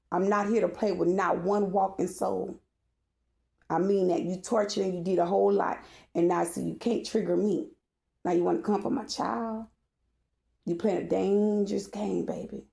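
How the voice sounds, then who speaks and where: Furious cursing woman, gravelly voice. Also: fairly low pitch, roomy sound. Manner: cursing, heated and repetitive, rising to shouting. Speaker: mother venting to viewers. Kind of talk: angry rant to camera.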